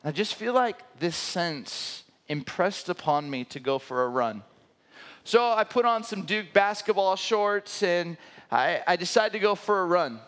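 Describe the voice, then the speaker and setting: A man telling a personal story in a lively way, often laughing as he speaks. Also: high voice, unhurried. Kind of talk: animated storytelling talk.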